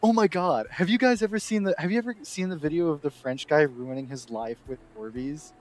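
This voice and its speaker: A man's voice: a little high, a little fast. Laughing, rambling male streamer. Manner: laughs often, excitable, rambling. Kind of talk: casual chat on stream.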